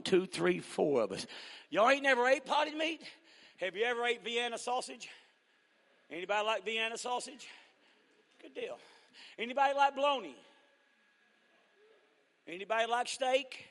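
A man preaching a revival sermon, teasing the congregation and rising to shouted fervor. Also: extremely high pitch. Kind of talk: joking, call-and-response revival sermon. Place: church revival service. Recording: long echoing church hall reverb.

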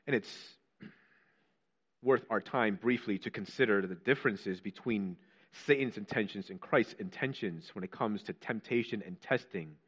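A man preaching a sermon, building up to fervent rhetorical questions and dropping to hushed quotations. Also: on the low side, normal speed, husky, dull audio.

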